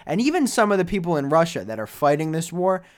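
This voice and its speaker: A young man co-hosting a casual podcast chat, rambling through stories with lots of fillers and sudden drops and rises in loudness. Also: fairly high pitch, big pitch swings, fast. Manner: rambling, filler-heavy storytelling with big swings in loudness. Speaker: podcast co-host.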